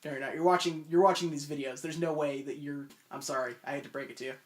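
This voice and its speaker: A man's voice: fairly high pitch, steady tone, quick pace. A man in his twenties hosting a comedic video essay, rambling with self-mocking asides. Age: 20s.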